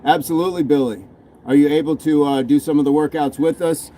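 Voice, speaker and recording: A man's voice: on the high side, steady tone, brisk, mellow, a little hiss or hum. An American man hosting a fitness livestream, casually reading and answering viewer comments between workout sets. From United States. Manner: laid-back, answers chat questions while working out.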